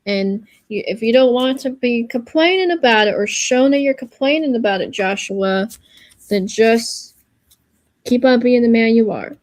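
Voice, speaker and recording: A woman's voice: fairly high pitch, normal speed, dry recording. A woman on a casual livestream giving an earnest, reassuring pep talk, rambling and searching for her words as she goes.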